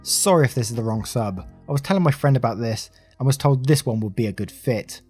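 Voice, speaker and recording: A man's voice: mid-range voice, brisk, dark tone, slightly rough. Man narrating reddit stories over music. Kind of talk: reading reddit stories aloud.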